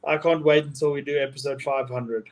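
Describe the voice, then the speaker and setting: A man's voice: medium pitch, steady tone, fairly quick. A South African man co-hosting a casual podcast, blunt and rambling. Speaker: podcast co-host. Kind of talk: casual chat.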